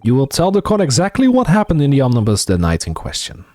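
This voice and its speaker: A man voicing a stern elderly male judge in a game, formal and measured. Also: mid-range voice, wildly swooping pitch, darkish tone, no room sound.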